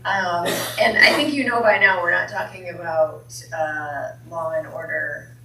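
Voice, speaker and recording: A woman's voice: on the low side, steady tone, a little slow, pushed and bright, a little hiss or hum. A woman minister giving a playful sermon with jokes, often asking the congregation questions. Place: church hall. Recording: echoey hall from a distance.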